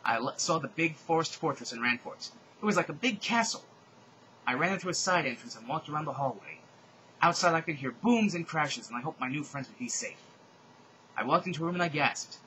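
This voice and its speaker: Man, comedic dramatic reading, deadpan asides, bright voice, very lively. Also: a little high, brisk, a little hiss or hum, rough recording. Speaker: fanfic reader.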